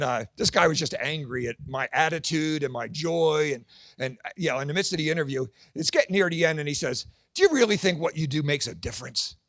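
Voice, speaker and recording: Middle-aged male comic-preacher, lively storytelling, fairly high voice, dry close sound. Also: no room sound. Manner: animated storyteller acting out quoted voices. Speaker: Christian comedian and pastor. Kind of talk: storytelling speech at a fundraising gala.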